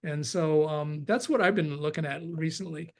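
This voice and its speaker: A man's voice: on the high side, normal speed, gravelly. A man chatting on a video call webinar, rambling with restarts and acting out quoted dialogue. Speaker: webinar participant. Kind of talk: casual chat.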